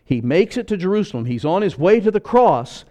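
An animated male pastor acts out voices during his sermon, moving between loud and soft passages. He has a high voice and speaks fairly quickly.

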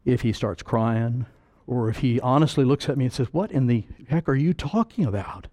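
A middle-aged man preaching a sermon, emphatic, swinging between loud declarations and quiet, slowed-down asides. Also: medium pitch.

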